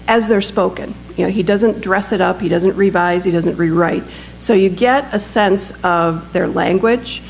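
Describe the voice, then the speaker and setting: A woman's voice: lowish voice, vocal fry, darkish tone, slight background noise, rough recording. A woman presenting a book at a library talk, reading passages aloud and adding casual remarks with frequent ums. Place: library event room.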